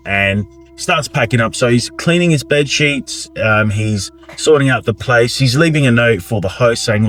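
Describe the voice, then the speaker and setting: A man's voice: mid-range voice, expressive, moderate pace, hardly any pauses, a bit bright. A man telling a spooky myth in a casual, rambling way, with asides and restarts. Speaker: storyteller, channel host. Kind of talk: casual spoken storytelling of a myth.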